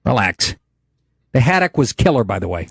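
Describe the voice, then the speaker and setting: A man rants as a podcast host, profane and blustering. His pitch swoops widely and sits fairly high for a man. The sound is close and dry. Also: normal speed, no room sound. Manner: profane, blustering, animated ranting. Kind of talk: casual ranting talk show.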